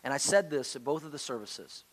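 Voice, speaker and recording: A man preaching a sermon as pastor, moving between loud pleading outbursts and quiet, hushed lines. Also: medium pitch, lively intonation, a little fast. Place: church sanctuary.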